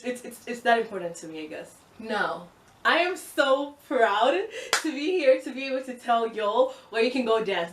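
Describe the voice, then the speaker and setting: Fast-talking young woman vlogging. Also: mid-range voice, recorded from a distance, a little hiss or hum. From Uganda. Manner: fast, excitable talker who speeds up; animated, swearing, exasperated rants. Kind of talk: casual vlog chat. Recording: roomy, from the mic.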